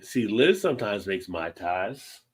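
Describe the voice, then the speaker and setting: A man with a fairly low voice hosts a casual beer-drinking livestream. He rambles in a laid-back way and lets the odd swear word slip. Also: sing-song, a little slow, a little hiss or hum. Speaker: livestream host. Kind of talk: casual chat over beers.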